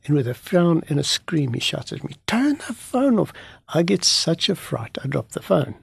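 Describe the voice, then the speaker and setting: A man, a pastor from Africa, telling a story in an animated way and acting out the dialogue. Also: on the high side, moderate pace, creaky, husky, no echo, studio quality. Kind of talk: storytelling testimony in an interview.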